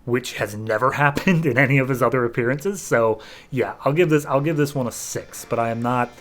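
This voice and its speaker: A man's voice: mid-range voice, fairly quick. A man hosting a podcast, giving a casual and sarcastic comic book review full of "like" and loose retellings.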